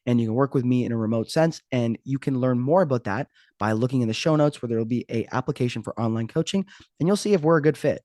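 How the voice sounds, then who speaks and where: A man opens his podcast with a loose, unscripted monologue, joking at his own expense and rambling from one thought to the next. His middle-pitched voice is a little mellow and quick-paced, and the sound is dry with no room echo.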